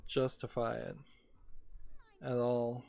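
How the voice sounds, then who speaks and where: A man's voice: mid-range voice, monotone, takes it slowly, gravelly, mellow. A man casually talking over his gaming video as a small YouTube creator, rambling and hesitant with many fillers, a little sleepy.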